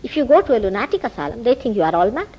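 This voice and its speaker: Give me an Indian woman teacher in a meeting hall, animated and storytelling, with a bright high voice. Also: very fast, breathy edge, highs cut off. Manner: animated storytelling with rhetorical questions. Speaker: spiritual teacher. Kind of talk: public spiritual talk.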